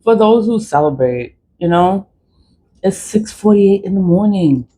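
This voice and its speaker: A woman speaks to her camera in a loose, rambling monologue, circling back to repeat her points. Her voice sits in a middle pitch, and she slips into mimicking others in quick asides. A faint hum of ambience runs underneath. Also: animated, warm tone, low-quality recording. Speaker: spiritual vlogger. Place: high-rise apartment in a city.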